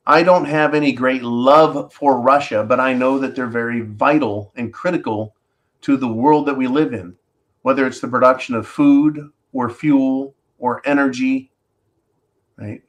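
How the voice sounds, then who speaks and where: A man hosts a live stream, delivering a ranting commentary monologue. He piles up rhetorical questions and keeps addressing his viewers as folks. His voice sits at an ordinary middle pitch. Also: fairly bright tone.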